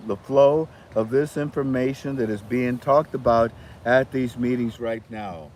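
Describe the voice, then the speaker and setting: A man's voice: mid-range voice, a little mellow, a little hiss or hum. A man hosting his channel, rambling casually with many restarts, recorded outdoors. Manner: rambling, restarts, chats to chickens. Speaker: channel host. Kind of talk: casual monologue to viewers. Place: outdoors with chickens.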